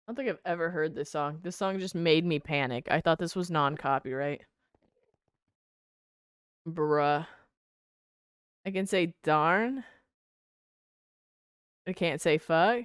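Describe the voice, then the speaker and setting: A woman's voice: sits low, takes it slowly, long pauses, clear, resonant tone, dry recording. A woman streaming a game and chatting casually with a laid-back drawl and a stuffy nose, speaking into a desk microphone. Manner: laid-back, drawling, frequently says "bruh". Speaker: live streamer. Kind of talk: casual chat while gaming.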